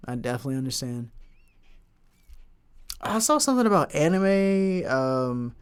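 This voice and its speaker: A young man hosting his own podcast solo, rambling casually in relaxed slang about his day and family. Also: a little high, clean tone. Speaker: podcast host.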